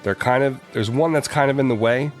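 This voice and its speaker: A man co-hosting a casual comedy podcast, easygoing and quick to laugh. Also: medium pitch, soft background music. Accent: New England. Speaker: podcast co-host, baker.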